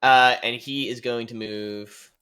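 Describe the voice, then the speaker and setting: A man's voice: medium pitch, fairly even intonation, takes it slowly, bright, forceful tone, clear, resonant tone. A man playing a tabletop wargame as a guest, chatting casually, laughing often and swearing for comic effect.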